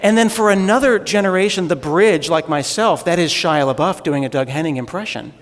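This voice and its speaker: A man with a somewhat high voice delivers a humorous tech conference talk, poking fun at himself as he tells stories. His voice rings out with a long reverb in a large hall. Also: brisk. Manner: joking, self-deprecating storyteller. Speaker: conference speaker.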